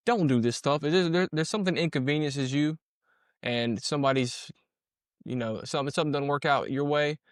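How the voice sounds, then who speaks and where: In a clean studio recording without room sound, a man with a voice on the high side gives slangy, conversational commentary on police footage. He says things more than once and drops in sound-effect words.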